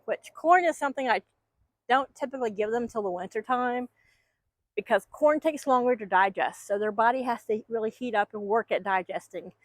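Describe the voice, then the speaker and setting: A woman's voice: a little high, dry recording. Chatty woman rambling in her chicken yard. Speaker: backyard chicken keeper. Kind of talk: casual vlog chat. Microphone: microphone.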